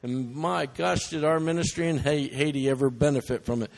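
A man's voice: fairly high pitch, fairly even intonation, fairly quick, vocal fry, a little mellow. Earnest preacher man in reverberant hall. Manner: earnest, emotional, with restarts. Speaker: missionary preacher. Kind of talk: sermon storytelling. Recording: long church reverb.

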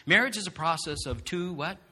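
Preacher man, bright and husky, lively pitch, long hall reverb. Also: a little fast. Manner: animated, asks the congregation rhetorical questions. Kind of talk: sermon.

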